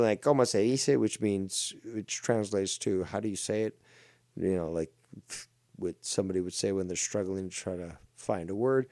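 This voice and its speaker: A man rants through a commentary segment, slow and deliberate, jeering and cursing at a rival. His voice sits low and mellow. The sound is close and dry. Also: dry recording. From Ontario, Canada. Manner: mocking, insulting, profane. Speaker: commentary show host. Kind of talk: ranting commentary.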